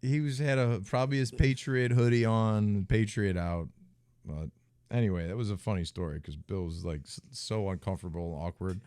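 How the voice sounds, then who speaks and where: A middle-aged man co-hosts a casual podcast in a fairly low voice. He tells stories with energy and jumps up in pitch to mimic people. The sound is close and dry. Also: steady tone, normal speed, a little mellow, smooth, dry recording. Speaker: co-host, former football player.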